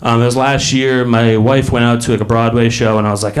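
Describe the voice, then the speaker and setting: A man's voice: medium pitch, fairly even intonation, fast talker. A man in his late thirties doing a stand-up comedy set in a club, rambling and self-mocking, bursting into acted voices. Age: late 30s.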